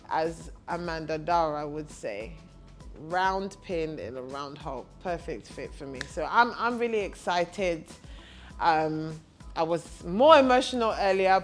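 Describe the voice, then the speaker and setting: A woman hosting a podcast, speaking casually and with feeling to the camera. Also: on the low side. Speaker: podcast host.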